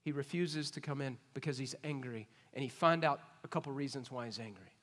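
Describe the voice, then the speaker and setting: A man preaching an expository sermon, emphatic and questioning, swinging between loud points and hushed asides. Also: mid-range voice, fairly quick. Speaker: pastor. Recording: long reverb of a large hall.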